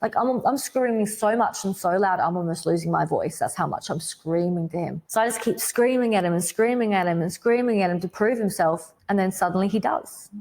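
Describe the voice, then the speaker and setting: A woman with an Australian accent tells her faith testimony on a podcast, her voice sitting a little low for a woman. She tells it vividly and dramatically, leaning on "like" and breaking into sudden loud bursts. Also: fairly quick, hardly any pauses. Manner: vivid storytelling, says "like" a lot. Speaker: podcast guest.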